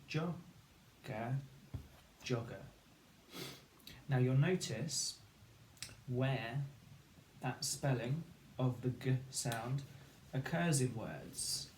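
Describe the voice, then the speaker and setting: A man's voice: medium pitch, expressive, takes it slowly, darkish tone. A man teaching a phonics lesson, patiently sounding out letters and words. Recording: echoey room, faint background noise.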